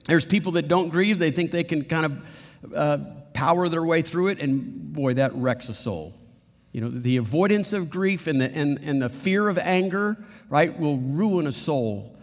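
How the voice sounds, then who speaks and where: A middle-aged man preaching a sermon as pastor, earnest and halting, with frequent restarts. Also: on the high side. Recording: long reverb of a hall.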